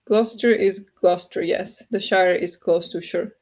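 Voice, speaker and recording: A woman with a Flemish accent, a native Dutch speaker, chatting loosely with her stream. She laughs often and reads the chat out loud. Her mid-pitched voice comes through a slightly muffled home mic. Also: steady tone, moderate pace. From Flanders. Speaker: livestream host. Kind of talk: casual livestream chat. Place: home at night.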